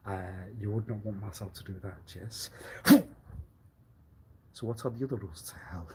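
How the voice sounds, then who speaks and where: A man rambling alone on a livestream in a meandering way, repeating himself and often clearing his throat. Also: fairly low pitch, normal speed, darkish tone. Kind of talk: rambling solo livestream monologue.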